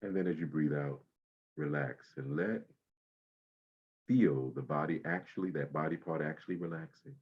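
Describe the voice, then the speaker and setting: A man leading a guided breathing meditation, speaking slowly and soothingly with long pauses. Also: rumbling low, slightly rough, dull audio.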